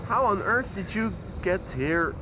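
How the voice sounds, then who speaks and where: High-voiced man commentating outdoors. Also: animated, measured pace. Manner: chatty and playful, greeting viewers. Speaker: live-stream host. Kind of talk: live plane-spotting commentary. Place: outdoors beside water near an airport. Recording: loud outdoor traffic noise.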